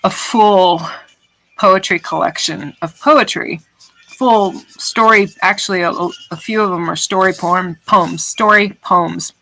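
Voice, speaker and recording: A woman's voice: fairly low pitch, slow pace, bright, forceful tone, rough recording. A woman artist chatting casually on a livestream while she works, rambling and swearing now and then. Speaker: artist streaming her work. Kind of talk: casual livestream chat while making art.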